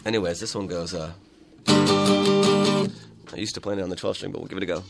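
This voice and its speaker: A man guesting on a radio show, telling a rambling story full of fillers while nursing a cold that leaves his voice deeper and rough. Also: sing-song, normal speed, loud music behind the voice. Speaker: folk musician guest. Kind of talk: casual radio interview chat. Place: radio studio.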